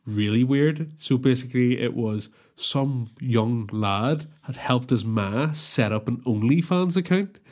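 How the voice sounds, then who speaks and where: Brief: male podcast co-host, mid-pitched, loose and sweary, rambles through stories with frequent laughs. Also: unhurried, hardly any pauses, darkish tone. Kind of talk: casual chat.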